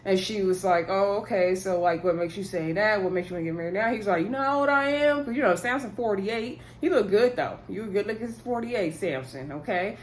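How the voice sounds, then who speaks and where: A woman's voice: mid-range voice, slight background noise. A woman speaking, chatting casually as she recaps a reality show and reenacts what the cast said. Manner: chatty, animated retelling with quoted voices and laughs.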